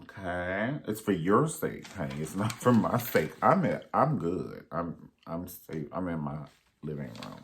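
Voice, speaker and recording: A man's voice: deep voice, big pitch swings, unhurried, gravelly, slight background noise. A man reviewing a reality show in a sassy, campy, casual chat. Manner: sassy, campy, dramatic swings in tone.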